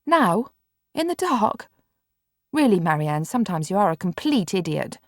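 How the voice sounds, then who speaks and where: A woman's voice: mid-range voice, big pitch swings, moderate pace, no room sound, clean studio sound. A woman reading an audiobook, voicing a bedridden boy who is curt, impatient and grudging. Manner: curt, exasperated.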